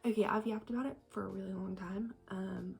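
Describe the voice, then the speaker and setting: A woman's voice: mid-range voice, fairly even intonation, fairly quick, vocal fry, a little mellow, faint music behind. A woman chatting casually about a book she is reading, rambling with lots of fillers. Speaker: book vlogger. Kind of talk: casual book review chat.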